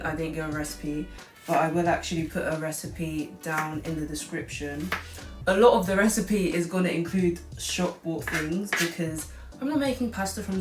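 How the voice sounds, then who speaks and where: A young woman in her late teens, chatting casually through a cooking vlog in a rambling way, filling her talk with "like". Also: fairly low pitch. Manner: chatty and rambling, heavy use of "like". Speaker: cooking vlogger. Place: home kitchen, seated at the counter. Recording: echoey room, far from mic, music behind.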